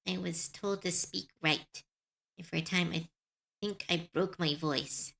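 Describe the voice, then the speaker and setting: A woman streamer chatting casually on a live stream, musing softly and answering her chat. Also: fairly low pitch, creaky.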